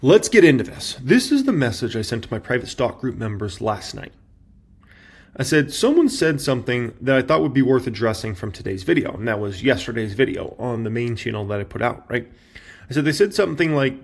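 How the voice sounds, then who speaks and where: A man's voice: medium pitch, big pitch swings, brisk, breathy edge. A man in his thirties, a stock market commentator, talking casually to his viewers and often tossing in "like" and "right?". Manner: conversational, filler-heavy with tag questions. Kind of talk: casual talk to camera.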